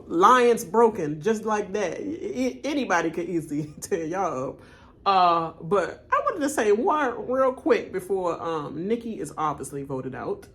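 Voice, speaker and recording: A woman hosting a reaction video, giving casual, blunt commentary. She laughs often, trash-talks freely, and swings between loud outbursts and quiet asides. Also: medium pitch. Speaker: reaction channel host.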